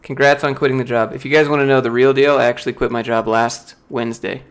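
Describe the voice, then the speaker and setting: A man's voice: mid-range voice, fast talker, smooth. Chatty young man on a livestream Q&A. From United States. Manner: animated storyteller, mimics other people's voices in anecdotes; chatty, laughs often, frequent filler words. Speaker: YouTuber answering live chat questions. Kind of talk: casual livestream Q&A.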